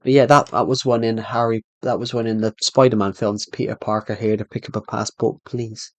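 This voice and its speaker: A man's voice: fairly low pitch, level tone, a little fast, dry recording. A young man chatting casually on a live stream while he plays, rambling, stumbling over words and poking fun at himself. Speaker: livestreamer.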